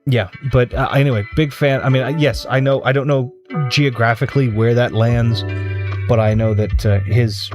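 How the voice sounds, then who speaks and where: A man's voice: mid-range voice, steady tone, normal speed. Hesitant, rambling male streamer. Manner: hesitant, rambling, self-correcting. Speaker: streamer host. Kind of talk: casual live-stream chat. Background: background music.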